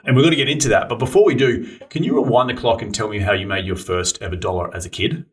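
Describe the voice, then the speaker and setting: Aussie podcast host, bit stuffy from a cold, talks fast, sounds a touch away from the mic. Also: male voice, on the low side, distant mic. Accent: Australian. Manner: upbeat, energetic. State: nasal from a cold. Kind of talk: podcast interview.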